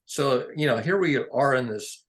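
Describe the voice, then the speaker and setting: A man's voice: medium pitch, expressive, unhurried. An older man in a casual, rambling chat, drifting between topics and chuckling often. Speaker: conversation partner.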